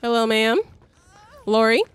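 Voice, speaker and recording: Young woman streamer, excitable live game commentary, swears, shrieks. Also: a little high, measured pace, slight background noise.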